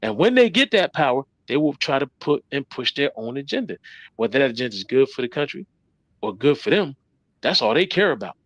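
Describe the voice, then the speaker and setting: A man's voice: medium pitch, big pitch swings, a little fast, no echo. A man co-hosting a casual podcast chat, blunt and lecturing, repeating his points. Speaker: podcast co-host.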